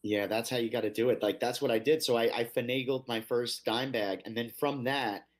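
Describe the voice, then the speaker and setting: A man chatting on an internet radio show in a relaxed, rambling way. His voice sits at an ordinary middle pitch. He tells loose anecdotes between laughs. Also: fairly quick. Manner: laid-back storytelling with laughs. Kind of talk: casual chat.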